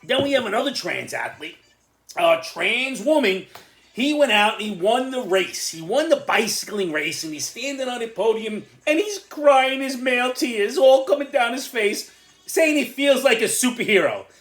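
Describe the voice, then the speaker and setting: An older speaker with an Irish accent giving an angry, exasperated opinion monologue, sometimes breaking into shouts. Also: mid-range voice, animated, moderate pace. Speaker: commentator.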